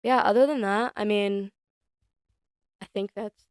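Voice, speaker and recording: A woman's voice: mid-range voice, steady tone, a little slow, clean tone, no echo, clean studio sound. A woman co-hosting a podcast, talking casually in a chatty, emphatic and frank way. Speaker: podcast co-host. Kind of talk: casual chat.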